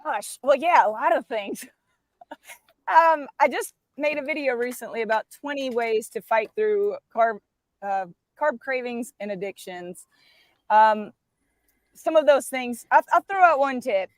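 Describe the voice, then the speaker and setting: High-voiced woman coach telling lively stories. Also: unhurried, dry recording. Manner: animated storyteller, playful asides. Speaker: carnivore diet coach. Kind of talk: casual live-stream chat.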